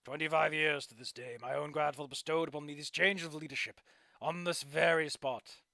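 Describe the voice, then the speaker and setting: A man's voice: on the high side, steady tone, a little fast, creaky, sharp tone, dry recording. A man voicing a proud old male raptor fire performer with a grand, stately manner that turns soothing.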